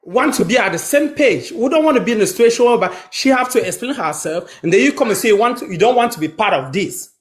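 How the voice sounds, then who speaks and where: A woman's voice: on the high side, lively intonation, fast talker, hardly any pauses. A woman on a live stream, urging and exasperated as she presses for an explanation. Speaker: guest speaker. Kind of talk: casual live-stream discussion.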